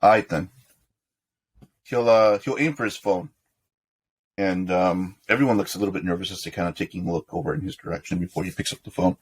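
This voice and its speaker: A man's voice: low-pitched, brisk, husky. A man narrating a tabletop game as game master, in a casual way, dropping into slangy lines for the people in the scene.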